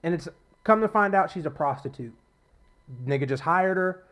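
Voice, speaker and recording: A man's voice: high voice, animated, normal speed, a bit bright. A man co-hosting a podcast, retelling a movie plot in loose, profane, casual talk, acting out the characters' quotes. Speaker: podcast co-host.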